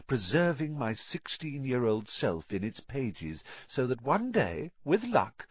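A man's voice: fairly low pitch, husky, dry recording, highs cut off, heavily acted. A man voicing a gloating, silky teenage wizard. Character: sneering scheming sixteen-year-old male wizard. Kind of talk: audiobook character voice.

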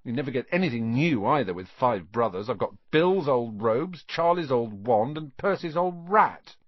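A man voicing a self-conscious young wizard boy in an audiobook, rambling and apologetic, with a husky voice. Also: mid-range voice, expressive, moderate pace, dry recording, dull audio, natural voice. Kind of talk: audiobook character reading.

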